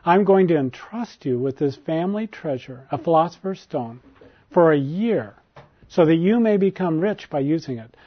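A proud, demanding prince from a storybook tale, as a man reads his lines. His voice sits a little high and earnest. The recording sounds dull and lo-fi. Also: lively intonation, moderate pace. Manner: earnest, then urgent and commanding.

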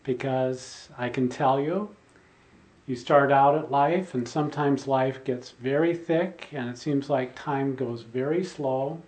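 A man's voice: medium pitch, slow pace, a little mellow. An older man, a spiritual teacher, giving an earnest sermon and repeating key phrases for emphasis.

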